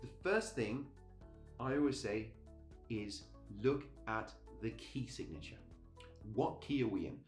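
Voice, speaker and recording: A middle-aged male music teacher talks through a lesson in a chatty, upbeat manner, breaking off mid-thought and restarting. His voice sits at an ordinary pitch and carries noticeable room echo. Faint music plays underneath. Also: measured pace. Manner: chatty, upbeat, self-interrupting. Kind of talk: casual video lesson.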